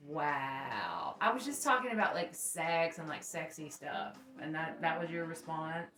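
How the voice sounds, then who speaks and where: Deep-voiced and a little slow, with lively intonation, a young woman co-hosting a podcast laughs and swears her way through candid stories. Faint music can be heard in the echoey recording space.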